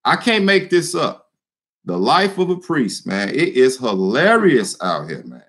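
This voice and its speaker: A man hosting his own video channel, talking straight to his viewers in a joking, animated way. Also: mid-range voice, measured pace. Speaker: YouTube channel host addressing viewers. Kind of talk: casual vlog commentary.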